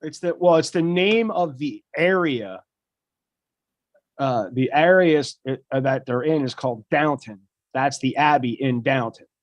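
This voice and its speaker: A man co-hosting a casual podcast chat, rambling and excitable, full of restarts. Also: mid-range voice, measured pace, no room sound. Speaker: podcast co-host.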